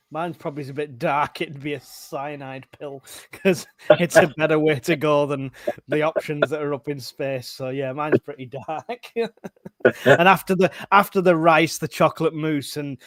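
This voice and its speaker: A man's voice: a little high, fairly even intonation, measured pace, a bit bright, no echo. A man hosting a casual live stream, reading out viewer questions, teasing his guests and laughing often.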